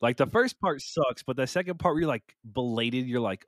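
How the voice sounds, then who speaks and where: A man in his thirties chats on a podcast in a middle-pitched voice and rambles a little. He keeps mocking himself. The sound is dry and close, with no room echo. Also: lively intonation, a little fast. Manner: rambling, self-mocking, acts out what he told himself. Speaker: podcast co-host. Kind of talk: casual podcast chat.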